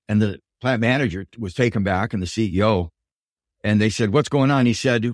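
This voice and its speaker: Animated older man telling stories. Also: fairly low pitch, a little fast, dry recording, studio quality. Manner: animated storyteller, voices quotes in dialogue. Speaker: guest, business professor and executive coach. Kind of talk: storytelling interview answers.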